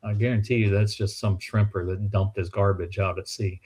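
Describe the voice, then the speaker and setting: A man's voice: on the low side, fairly even intonation, normal speed, darkish tone, husky. Southern-accented man, museum guest, easygoing anecdotal storyteller with frequent restarts. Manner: rambling anecdotal, with restarts and acted quotes. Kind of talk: casual storytelling chat.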